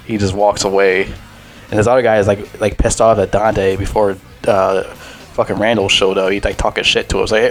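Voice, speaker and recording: A man's voice: lowish voice, level tone, moderate pace. A man in his twenties giving a casual, rambling and profane movie review. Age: 20s.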